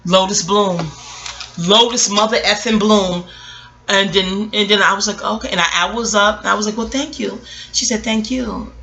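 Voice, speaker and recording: Bright-voiced rambling woman astrologer. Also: mid-range voice, steady tone, a little fast, creaky, dull audio. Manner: rambling, digressive, blunt with profanity. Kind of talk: casual reflective monologue.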